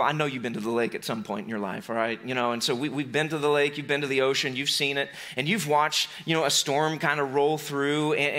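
A male pastor preaching a sermon in a conversational way, with playful asides and animated re-enactments of scenes. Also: sits high.

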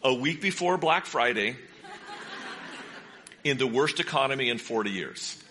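A man's voice: medium pitch, animated, a little slow, sharp tone, a little hiss or hum. A pastor preaching a sermon in a conversational way, asking his congregation questions. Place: church sanctuary with congregation.

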